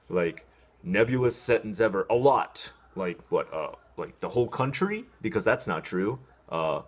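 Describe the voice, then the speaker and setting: An American man ranting sarcastically about an article in a casual vlog, with a lot of ums and restarts. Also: low-pitched. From United States. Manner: sarcastic, mocking, talks in spurts with fillers. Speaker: video host reacting to an article.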